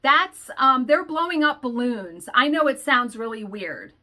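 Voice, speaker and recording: A nosy older cashier woman who always has something to say, as a woman quotes her in a story. She sounds chatty, with a bright, fairly high voice. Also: expressive, a little slow, heavily acted.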